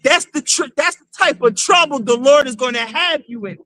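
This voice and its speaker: A male street preacher giving a fiery sermon, shouting scripture lines and saying "all right" after nearly every phrase. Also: very high voice, normal speed, no room sound.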